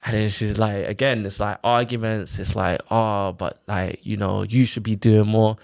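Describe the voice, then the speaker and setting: A man, telling his own story on a podcast in a casual, animated way, full of quoted back-and-forth and fillers like "like" and "innit". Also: fairly low pitch, normal speed, gravelly, clear, resonant tone. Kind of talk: casual chat, personal story.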